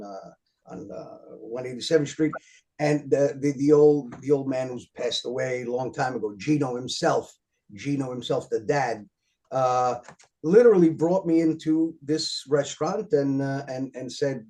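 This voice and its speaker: A man in his fifties with a New York accent tells stories in a rambling way, full of fillers and restarts. His voice is fairly high for a man, with a mellow, relaxed tone. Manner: rambling, frequent fillers and repeated words, chuckles often. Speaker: author guest. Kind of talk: casual storytelling interview.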